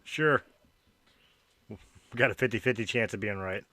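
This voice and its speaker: A man's voice: lowish voice, measured pace, noisy background. A man playing a tabletop game, joking and teasing in casual chat. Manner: joking, teasing, laughs often. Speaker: player.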